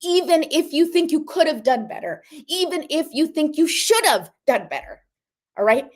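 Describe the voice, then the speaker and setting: Earnest woman coaching listeners, higher voice. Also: animated, moderate pace. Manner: coaching, addresses listener directly, frequent "okay?"; earnest, emphatic repetition. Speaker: self-help host. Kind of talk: motivational self-help talk.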